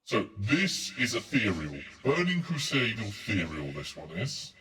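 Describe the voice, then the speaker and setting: A man talking through an in-game voice changer filter, slowly showing off each effect. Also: lowish voice, big pitch swings, sharp tone, echoey room, far from the mic, slight background noise, pitched below the performer's own voice, exaggerated voice. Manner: slow demonstrating chatter.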